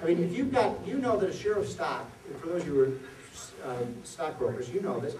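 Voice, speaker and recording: Male keynote speaker, slightly high voice, lively anecdotes, recorded from afar in a roomy hall. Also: a little fast, slight background noise. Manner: animated storyteller, rhetorical questions to the audience. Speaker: economist giving a dinner speech. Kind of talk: after-dinner policy speech with jokes. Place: event hall at a reception. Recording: echoey hall from far off.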